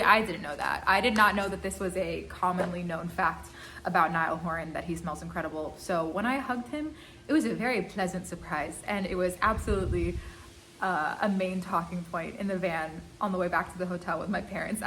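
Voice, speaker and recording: A woman's voice: mid-range voice, a bit bright, a little hiss or hum. A young woman in her twenties, a singer and vlogger, answering fan questions in a giggly, chatty and playful way. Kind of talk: casual Q&A vlog.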